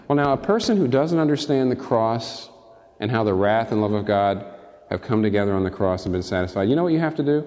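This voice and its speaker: A man preaching a sermon with passion. He swings between high, emphatic peaks and soft, low asides, and he asks his listeners direct rhetorical questions. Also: animated, fairly quick. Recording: long reverb from a large hall.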